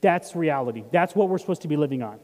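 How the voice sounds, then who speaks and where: A man's voice: a little high, lively intonation, rapid-fire, a little mellow, big-room sound. A man preaching a sermon as pastor, talking in a conversational way and putting questions to the congregation. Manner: conversational, asks the audience questions.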